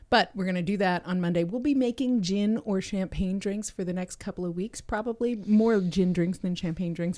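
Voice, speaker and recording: A woman co-host chatting casually on a podcast, telling stories in an animated, conversational way. Her voice is mellow, dark and somewhat low. The recording is close and dry. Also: dry recording.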